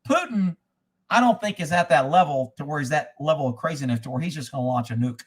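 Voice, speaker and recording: A man with a somewhat higher voice for a man, talking off the cuff as he answers viewer comments. He is blunt and opinionated and swears freely. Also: expressive, fast, husky. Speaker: host reading viewer comments. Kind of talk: casual live commentary.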